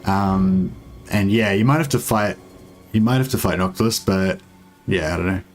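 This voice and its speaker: A man's voice: low-pitched, normal speed, soft background music. A young man, streaming a strategy game and chatting casually with viewers, hesitant with many fillers. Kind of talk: casual gameplay commentary.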